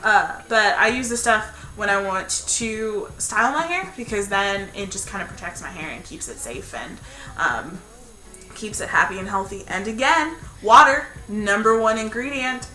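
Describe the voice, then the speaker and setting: A woman's voice: mid-range voice, sharp tone. A woman vlogger in a casual hair-care video, chatting and rambling as she recommends products. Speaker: beauty vlogger. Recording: roomy echo, faint background music.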